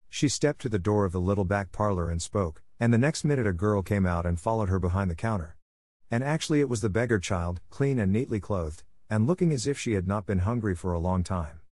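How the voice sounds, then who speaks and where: A man narrates a storybook in a measured, even reading voice. His pitch sits on the low side, and the recording is dry and close with no room around it. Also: no echo. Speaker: audiobook narrator.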